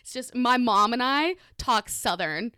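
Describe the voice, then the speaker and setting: A woman's voice: on the high side, lively intonation, a little slow, sharp tone, smooth, no room sound, studio quality. A young woman chatting as a guest on a casual podcast, swearing freely and acting out quotes.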